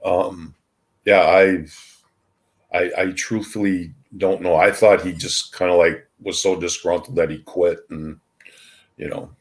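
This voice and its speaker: Brief: older male guest with a very low voice, easygoing storyteller, lots of ums and false starts. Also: level tone, measured pace. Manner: rambling with frequent ums and restarts. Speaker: retired wrestler, podcast guest. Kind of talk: casual anecdotal storytelling.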